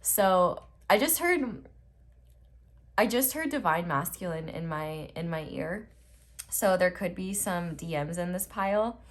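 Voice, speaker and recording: A woman's voice: fairly low pitch, lively intonation, unhurried. A young woman giving a casual tarot reading, chatty and rambling with frequent filler words. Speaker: tarot reader.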